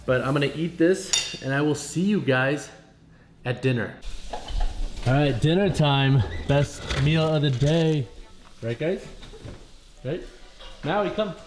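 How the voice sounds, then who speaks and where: A man's voice: fairly high pitch, takes it slowly, long pauses. Chatty young man from Missouri. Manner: chatty, jokey, talks to the camera. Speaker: fitness vlogger. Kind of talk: casual vlog narration. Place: home kitchen. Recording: roomy home sound with faint music.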